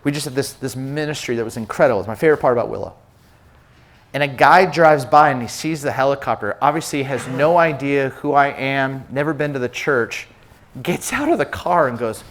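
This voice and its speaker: A man preaching a sermon, telling personal stories in an animated way and acting out the people he quotes. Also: mid-range voice, brisk. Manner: animated storyteller, acts out quoted voices. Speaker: pastor.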